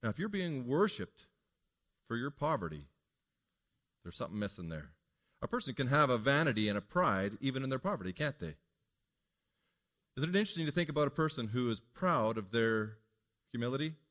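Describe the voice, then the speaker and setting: A man's voice: medium pitch, big pitch swings, a little fast, pauses often, fairly bright tone. A man preaching a morning sermon as pastor, earnest and preacherly, putting rhetorical questions to his congregation.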